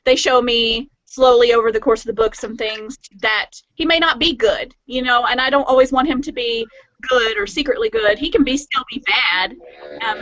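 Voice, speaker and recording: A woman author chatting on a podcast panel, thoughtful and rambling with many pauses. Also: on the high side, bright, forceful tone, no echo. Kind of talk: casual chat. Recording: dry, dull lo-fi audio.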